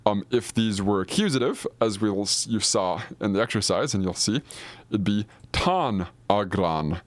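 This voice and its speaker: A man's voice: fairly low pitch, normal speed, no echo. A man teaching Greek grammar in a recorded video lecture, explaining casually with many ums and restarts. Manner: casual, filler-heavy explaining with frequent restarts. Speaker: Greek professor.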